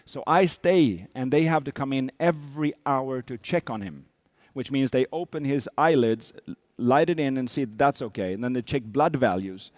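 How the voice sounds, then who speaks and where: A man's voice: medium pitch, normal speed, a little mellow, dry recording. A man in his thirties, a coach, telling a personal story to an audience, acting out sounds and quotes. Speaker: speaker, coach.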